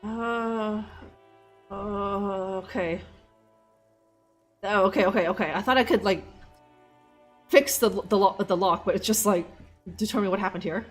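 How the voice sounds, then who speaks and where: A woman's voice: medium pitch, unhurried, pauses often, soft background music. A woman streamer giving casual live commentary as she plays, rambling and swearing freely. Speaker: game streamer.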